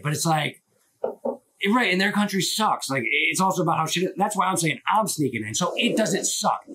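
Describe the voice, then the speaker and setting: A man's voice: a little high, fairly bright tone, husky. A man hosting a live stream, chatting casually and opinionatedly, with lots of filler words and swearing, into a phone. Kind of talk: casual rambling chat.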